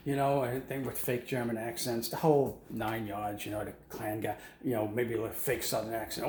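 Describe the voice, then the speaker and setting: A man's voice: mid-range voice, fairly even intonation, fairly quick, hardly any pauses, a little mellow. A man telling a rambling comic story at home, full of fillers and self-deprecating asides. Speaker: comic monologue host. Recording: echoey room with faint noise.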